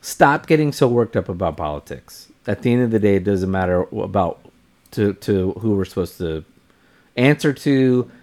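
A man co-hosting a casual podcast, talking in a calm, reflective way and thinking aloud. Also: fairly low pitch, normal speed. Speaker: podcast co-host.

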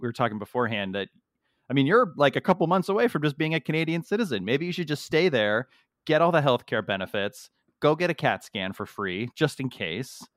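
A man's voice: medium pitch, very animated, brisk, no echo, clean studio sound. A man co-hosting a podcast in casual chat, joking around and restarting his sentences as he goes. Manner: jokey, rambling with restarts. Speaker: podcast co-host. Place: at home in the US. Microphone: remote call recording.

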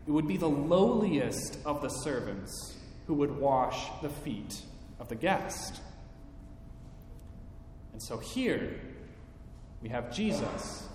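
Pastor guy preaching real slow, dramatic pauses, big echoey church hall. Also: darkish tone. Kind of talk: sermon. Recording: echoey hall, faint rumble.

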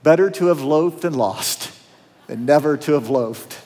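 Pastor preaching in a reverberant hall. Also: male voice, on the high side, unhurried, a little mellow. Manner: conversational, humorous, dramatic quoting. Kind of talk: sermon.

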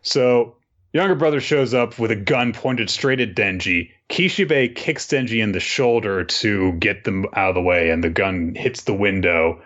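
A man's voice: on the low side, measured pace. Casual man recapping comics, lo-fi sound. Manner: relaxed, swears casually, acts out quotes. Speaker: podcast co-host. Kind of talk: casual chat recapping manga chapters. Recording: dull lo-fi sound.

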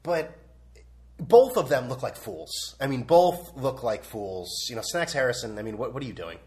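Animated young man ranting about sports. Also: medium pitch, moderate pace. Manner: rambling, sarcastic, blunt, with frequent restarts. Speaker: sports podcast host. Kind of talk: casual sports opinion rant.

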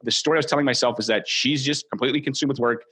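Man in his forties, podcast host, quick energetic coaching delivery. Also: medium pitch, husky. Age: 40s. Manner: energetic, acts out quoted thoughts. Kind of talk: motivational coaching talk.

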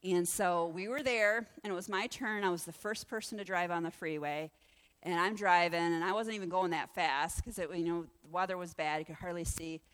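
A woman pastor preaching through a lively personal story, acting out the voices of the people in it. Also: on the low side, moderate pace, clear, resonant tone. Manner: animated, acts out the voices in her story. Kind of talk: sermon storytelling.

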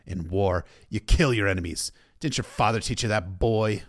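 A man's voice: lowish voice, moderate pace, dry recording, clean studio sound, natural voice. Guy doing a nasty old lord, harsh n mocking. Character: defiant older male lord, bitter and mocking.

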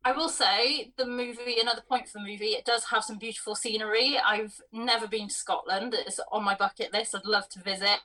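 A woman's voice: mid-range voice, bright, forceful tone, far from the mic, rough recording. A woman co-hosting a film podcast, bluntly dismissing a movie she disliked. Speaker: podcast co-host. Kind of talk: casual film review chat.

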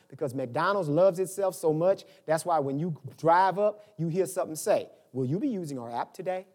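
An older man preaching a sermon, dropping into quiet asides and rising to emphatic peaks. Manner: animated preaching, swinging from low asides to high emphatic peaks. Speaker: pastor.

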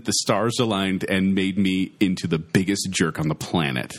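A man in his thirties co-hosting a casual chat, telling stories with loud acted-out quotes. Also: sits low, moderate pace, hardly any pauses. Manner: animated storyteller, acts out quotes loudly. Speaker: podcast co-host. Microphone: studio microphone.

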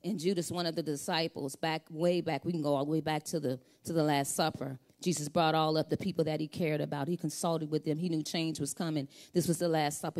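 A woman's voice: deep voice, a little mellow. A middle-aged woman preaching a sermon, reading scripture and building to fervent calls for the congregation to repeat after her.

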